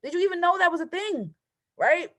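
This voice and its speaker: An energetic woman coaching her audience in a casual, motivational talk. She keeps tossing out "right?" to pull listeners along. She slips into excited affirmations of gratitude as she goes. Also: very high voice, brisk. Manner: conversational, keeps asking "right?". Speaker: trading and mindset coach.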